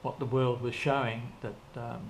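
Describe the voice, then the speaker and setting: As an interview guest, an older man with a gravelly, creaky, mid-range voice tells his life story casually and a little slowly, in a level tone, rambling and circling back. He often restarts sentences and acts out both sides of old conversations, while a faint hum of background noise lies under the recording.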